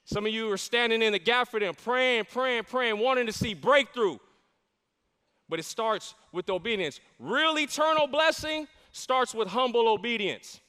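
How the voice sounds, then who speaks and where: Preaching at a moderate pace in a very high, sharp yet smooth voice, a middle-aged pastor delivers a fervent, emphatic sermon. The congregation answers him in call-and-response, and the recording carries the long reverb of a large church sanctuary.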